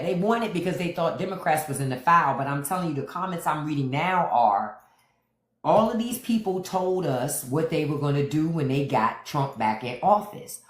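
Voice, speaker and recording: A man hosting a casual livestream, giving opinionated political commentary and stopping often to greet viewers by name. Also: on the high side. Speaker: livestream host. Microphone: phone livestream. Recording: roomy echo.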